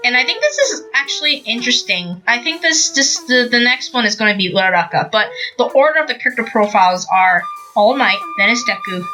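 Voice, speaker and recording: A woman's voice: on the high side, animated, brisk, hardly any pauses, pushed and bright, faint music behind, low-quality recording. A young woman hosting a podcast, recapping a manga in casual, rambling chat full of fillers and acted-out quotes. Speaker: podcast host.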